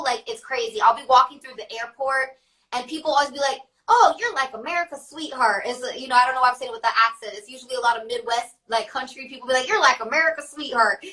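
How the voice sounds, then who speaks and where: A woman's voice: fairly high pitch, bright, forceful tone, distant mic, rough recording. A young woman talking casually as an interview guest, chatty and full of "like" fillers, often laughing. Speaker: guest, rapper.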